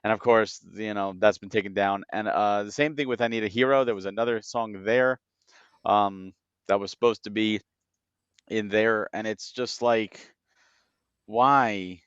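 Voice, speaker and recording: A man co-hosting a casual podcast, rambling and excitable, jumping into quoted asides. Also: lowish voice, moderate pace, clear, resonant tone, no room sound, highs cut off. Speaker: podcast co-host.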